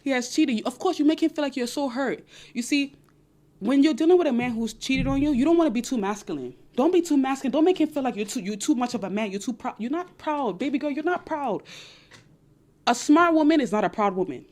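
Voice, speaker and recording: Animated high-voiced woman giving advice. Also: brisk. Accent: non-American English accent. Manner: animated, repetitive, acts out quoted voices. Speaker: dating advice vlogger. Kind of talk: casual advice chat to viewers.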